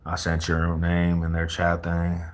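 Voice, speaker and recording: A man's voice: low voice, completely flat delivery, unhurried. A young man from Colorado chatting casually with viewers on a livestream, laid-back and full of street slang. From Colorado, USA.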